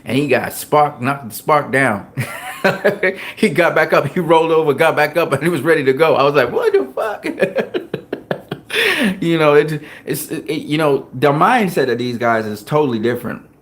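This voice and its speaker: A man hosting a boxing talk show, telling gym stories in a casual, profane, animated way and laughing often. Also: on the high side, normal speed. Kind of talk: casual chat.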